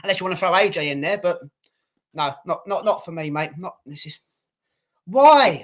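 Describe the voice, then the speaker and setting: A man's voice: on the high side, brisk, fairly bright tone. A man co-hosting a casual boxing podcast, ranting and swearing with lots of repetition. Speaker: podcast co-host.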